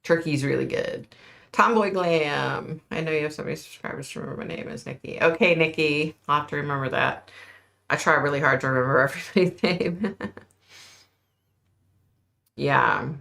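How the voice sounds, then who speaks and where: Middle-aged woman, livestream host, low voice, chatty, answering viewer comments in a casual way. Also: normal speed, gravelly, long pauses, fairly bright tone.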